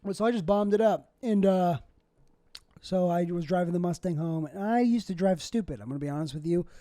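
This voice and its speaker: Young male comic hosting a solo podcast, rambling and self-deprecating, mellow tone, dry close sound. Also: sits high, brisk, no echo. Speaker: podcast host and stand-up comic. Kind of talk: casual solo podcast monologue.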